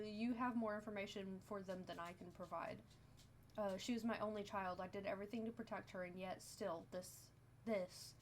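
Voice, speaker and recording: A woman's voice: medium pitch, a little hiss or hum, close to an everyday voice. A woman reading as an anxious, pleading woman.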